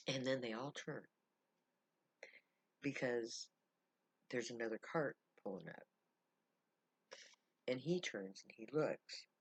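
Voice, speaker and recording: A middle-aged woman telling a story in a casual, unhurried way, often laughing as she goes. Her voice is husky and low-key, and the sound is close and dry. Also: dry recording. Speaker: camp leader.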